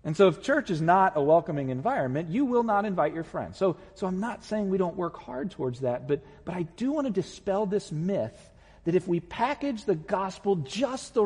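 A male pastor giving an impassioned sermon, building to loud, emphatic peaks. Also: high voice, sing-song, moderate pace, husky, long reverb tail. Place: church sanctuary.

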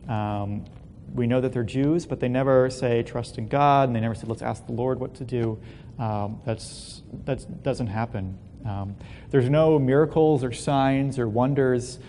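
A man telling a Bible story as a relaxed, casual lesson, full of fillers and joking asides. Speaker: Bible teacher. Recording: long hall reverb, faint rumble.

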